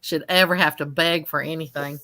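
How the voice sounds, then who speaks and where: A woman's voice: sits low, steady tone, a little fast, bright, forceful tone, dry recording. A woman chatting casually as co-host, teasing and laughing easily. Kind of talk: casual live chat.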